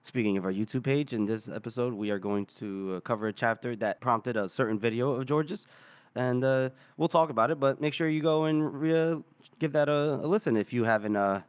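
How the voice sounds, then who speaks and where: A man's voice: mid-range voice, a little fast, smooth. A man co-hosting a casual book discussion podcast, reading passages aloud and chatting with frequent laughs. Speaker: podcast co-host.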